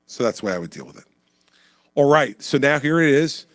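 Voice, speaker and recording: A man's voice: medium pitch, sing-song, brisk, studio quality. A man speaking as a presidential candidate at a town hall, in a punchy, conversational way that repeats lines for emphasis. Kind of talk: town hall stump speech and Q&A. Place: indoor town hall venue.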